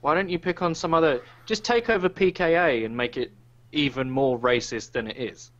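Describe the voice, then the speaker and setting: A man's voice: a little high, moderate pace, slight background noise. A man from Britain with a British accent, cracking sarcastic, crude jokes on a podcast. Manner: sarcastic, crude, lively joking. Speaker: podcast co-host. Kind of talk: casual podcast banter. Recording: muffled lo-fi podcast audio.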